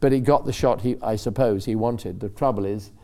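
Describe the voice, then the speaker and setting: An older man on a talk-show stage tells a meandering story about his racing days. His voice sits low and sounds warm and relaxed. He keeps correcting himself mid-sentence and briefly puts on the voices of the people he quotes. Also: brisk. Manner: rambling and self-correcting, acts out quoted voices. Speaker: racing driver guest. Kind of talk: anecdotal storytelling.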